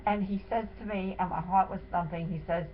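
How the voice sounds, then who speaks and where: A woman's voice: medium pitch, steady tone, brisk. A woman giving an emotional, indignant first-person account of what happened to her and her husband. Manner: indignant, dramatic retelling. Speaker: wife telling her story. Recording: tinny phone-like sound with faint hiss.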